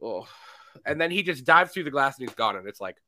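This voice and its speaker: A man co-hosting a casual movie podcast, animated and laughing often as he acts out scenes. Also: medium pitch, fast talker. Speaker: podcast co-host.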